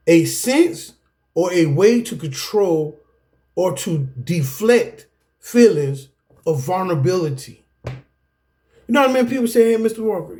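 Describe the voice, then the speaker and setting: In an anger management class, a middle-aged man with a fairly high voice delivers a personal testimony lecture like a preacher. Animated and direct, he keeps calling out to listeners with "guess what" and "y'all." His pitch often swings up and down for emphasis.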